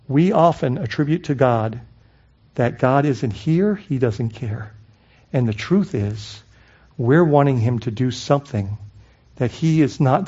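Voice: mid-range voice, warm tone. Pastor giving a sermon, voice swoops up and down a lot, chatty with lots of "right?", kinda muffled recording. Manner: conversational, rhetorical questions, frequent "I mean" and "right?".

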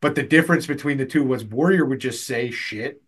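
A man's voice: mid-range voice, a little fast. A man co-hosting a podcast, chatting casually, swearing and telling stories. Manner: swearing, storytelling, animated. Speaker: podcast co-host. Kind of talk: casual chat.

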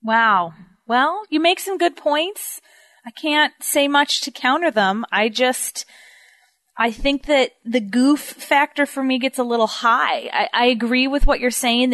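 A woman in a casual film discussion who gives wry, measured takes. Her voice sits at a middle pitch, and the recording is dry and close. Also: fairly bright tone, no room sound. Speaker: podcast co-host.

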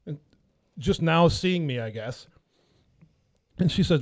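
A man in his thirties hosting a podcast, telling a story in a casual, animated way and acting out the voices. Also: fairly high pitch, measured pace, no echo, studio quality. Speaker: podcast host.

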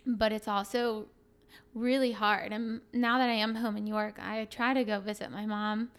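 A woman's voice: mid-range voice, flat delivery, normal speed, smooth. A young adult woman, a fitness coach and podcast guest, talking casually and openly, with many fillers. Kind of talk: casual emotional conversation.

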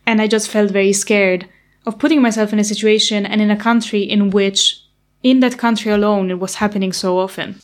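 A woman's voice: mid-range voice, fairly even intonation, fairly quick. Young woman telling a candid personal story. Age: young adult. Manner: candid, anxious retelling of past worries.

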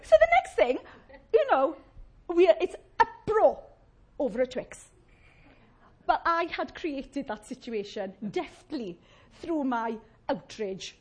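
Lively, jokey woman preacher. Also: sits high, unhurried. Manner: chatty, jokey, acts out complaining voices. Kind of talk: humorous sermon.

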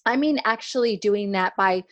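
A woman's voice: mid-range voice, normal speed, fairly bright tone, no room sound, dull audio. Woman hosting a podcast. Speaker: podcast host. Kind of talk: casual chat, then introducing the episode.

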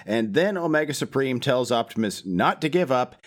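A man's voice: medium pitch, animated, moderate pace. A man co-hosting a casual podcast, narrating plot points in a dry, sarcastic way. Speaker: podcast co-host. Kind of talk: casual recap chat.

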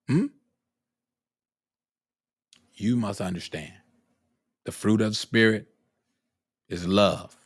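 A man's voice: lowish voice, slow pace, long pauses, dry recording, clean studio sound. A man preaching a sermon, quoting scripture in old wording and punctuating his points with "hmm?" and "huh?", his voice climbing into cries of glory.

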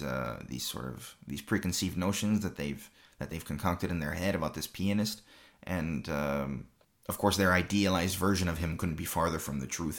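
A man with a low-sitting voice hosts a film review show, talking casually and rambling with lots of fillers and repeated phrases.

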